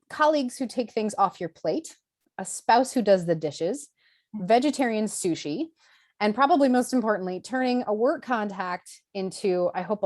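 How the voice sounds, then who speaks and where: A woman's voice: medium pitch, a little mellow, dry recording. Brief: middle-aged woman, chatty and upbeat, video-call mic, dry sound. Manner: chatty and upbeat, laughs between phrases. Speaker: bookseller. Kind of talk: casual tribute speech on a video call.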